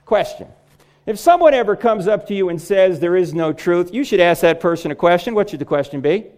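Animated, high-pitched joking man. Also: fairly quick. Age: middle-aged. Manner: joking, punchline-driven delivery. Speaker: Christian apologetics speaker. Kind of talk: humorous lecture to a live audience.

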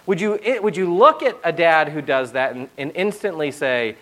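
A middle-aged male pastor preaches in a slightly high voice. He tells stories in an animated way and often checks in with the congregation. His delivery is lively and conversational. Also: moderate pace, rough recording. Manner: animated storytelling with asides to the audience. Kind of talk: sermon.

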